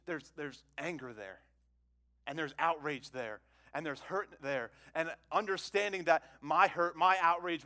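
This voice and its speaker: Man preaching a lively conversational sermon. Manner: conversational, repeats words, asks the congregation questions; swings from loud exclamations to hushed low phrases. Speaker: pastor.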